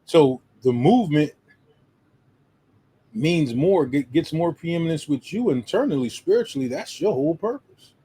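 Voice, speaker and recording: A man with a husky, slightly rough voice drives home his points with emphatic, preacher-like insistence. He talks as a co-host in a casual discussion. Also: fairly high pitch, animated, normal speed, dark tone, rough recording. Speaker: podcast co-host.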